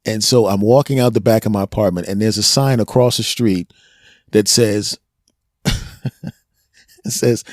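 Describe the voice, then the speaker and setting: A man with a Philadelphia accent, a comedian chatting on a podcast and telling animated stories in which he acts out other people's voices. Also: on the low side, a little slow, pauses often, dry recording, clean studio sound. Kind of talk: casual podcast chat.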